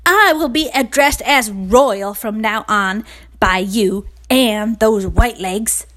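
A woman's voice: a little high, takes it slowly, fairly bright tone. A woman voicing a vain, bossy male rooster in a storybook, haughty and commanding.

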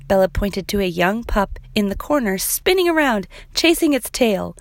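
A woman narrating a children's chapter book, reading clearly and evenly. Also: mid-range voice, lively intonation, unhurried, hardly any pauses, no room sound. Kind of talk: storybook read-aloud.

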